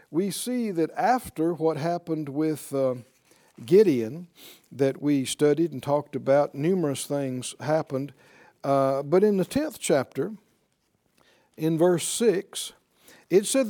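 Slow, earnest male Bible teacher. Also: fairly high pitch, dark tone. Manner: earnest, deliberate, rhetorical questions. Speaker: preacher.

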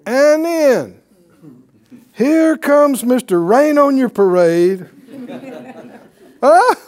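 Sitting high with big swings in pitch, this slightly mellow voice moves extremely slowly. A Bible teacher gives a conversational broadcast lesson, regularly asking the audience rhetorical questions and chuckling as the story unfolds.

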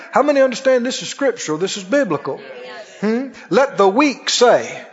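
A man's voice: sits high, sing-song, normal speed, big-room sound, muffled recording. A man preaching a sermon, telling a story and acting out both sides of the dialogue, building to emphatic peaks. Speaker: pastor. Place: church sanctuary. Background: congregation calling out amens.

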